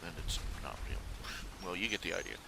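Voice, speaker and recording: A man talking to his viewers from his computer at home, casual and meandering, full of fillers and restarts. His voice sits a bit low. A steady noise runs under the recording. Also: a little fast, vocal fry. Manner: rambling, hesitant, many fillers and restarts. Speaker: webcomic artist streaming live. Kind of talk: casual live-stream talk to viewers.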